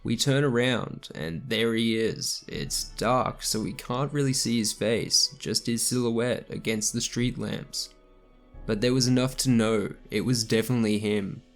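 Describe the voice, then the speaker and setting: A man narrating a true scary story in the first person, in a steady, scripted storytelling manner. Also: mid-range voice, measured pace, faint music behind.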